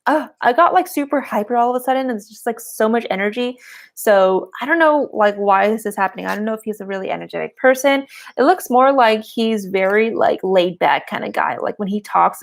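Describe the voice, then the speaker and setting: A woman giving a live-streamed tarot and oracle card reading, chatty and giggly, with a lot of "like" fillers. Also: mid-range voice.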